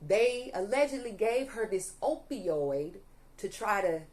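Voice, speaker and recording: This young tarot reader has a medium-pitched, slightly mellow, expressive voice and keeps a measured pace while reading cards for her viewers. Emphatic and repetitive, she repeats "allegedly," often stops to ask "okay?", and is audibly angry at points.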